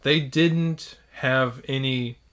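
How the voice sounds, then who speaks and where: Dude chatting on a podcast, bright clear voice, tells stories and does the quotes. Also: male voice, mid-range voice, steady tone, drawn-out words. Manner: storytelling, acts out quotes. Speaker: podcast co-host. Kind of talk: casual chat. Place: living in Japan.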